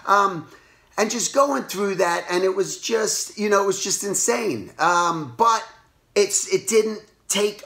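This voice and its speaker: A hoarse man who has lost his voice, hosting a casual motivational talk and rambling with lots of restarts. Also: sits high, slow pace. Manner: rambling, animated, restarts often. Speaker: artist and show host. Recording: roomy echo.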